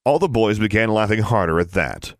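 Reading a novel aloud a little fast, a low-voiced male audiobook narrator lets his pitch rise and fall with energy across every sentence. He narrates steadily between character voices in a close, fully dry recording with no room sound.

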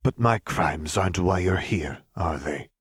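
A man voicing a towering, menacing male mad chemist in a fan fiction audiobook, with a raspy voice and a sly, casual manner. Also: low voice, expressive, measured pace, no room sound, studio quality, heavily acted. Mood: sly menace. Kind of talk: audiobook character voice.

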